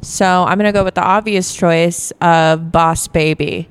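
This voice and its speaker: Young woman stand-up guesting on a bar podcast, low and smooth, deadpan self-mockery. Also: a little slow. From Virginia, US. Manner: dry, self-deprecating storytelling. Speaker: guest comedian. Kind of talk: casual bar podcast chat.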